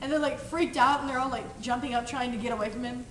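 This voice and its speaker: A woman's voice: sits high, fairly even intonation, fast talker, recorded from a distance. A young woman casually retelling a movie scene to friends, rambling with lots of "like" and frequent giggles. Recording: echoey room with noise.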